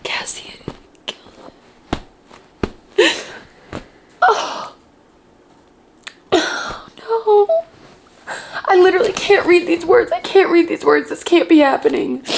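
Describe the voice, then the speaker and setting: A young woman excitedly reacting to a novel as she reads it in a casual vlog. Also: high voice, creaky, slight background noise. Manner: gushing, excitable reactions to a book. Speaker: book vlogger. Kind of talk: casual reading vlog commentary.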